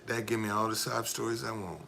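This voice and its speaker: A man with a fairly low, creaky, pushed and bright voice speaks briskly in a steady tone, with a little hiss or hum in the audio. He's live streaming in a casual, rambling way, repeating himself emphatically and talking straight to his viewers.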